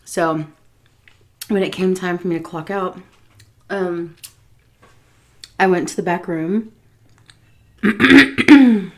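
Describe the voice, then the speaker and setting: A woman from Texas telling a story time while she eats, chatty and animated, quoting dialogue with soft asides about her food. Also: on the low side, takes it slowly, vocal fry, pauses often. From Texas, USA. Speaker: food vlogger.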